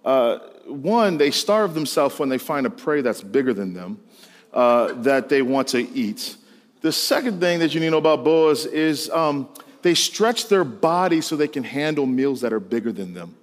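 A man playing a calm male veterinarian who asks questions slowly and hesitantly. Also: medium pitch, in a large hall, voice pushed down, close to an everyday voice. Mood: patient, probing. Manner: slow, halting, hesitant with ums.

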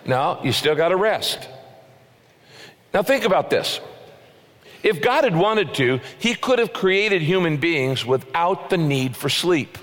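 A pastor preaching a sermon in an earnest, emphatic way, asking rhetorical questions. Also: male voice, fairly high pitch, lively intonation, takes it slowly, fairly bright tone, in a large hall.

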